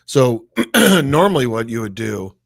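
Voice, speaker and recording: A man's voice: medium pitch, very animated, measured pace, creaky, no room sound, clean studio sound. A man co-hosting a casual tech discussion, thinking aloud and often tagging his points with "right?". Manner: chatty, thinks aloud, asks rhetorical "right?". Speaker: co-host.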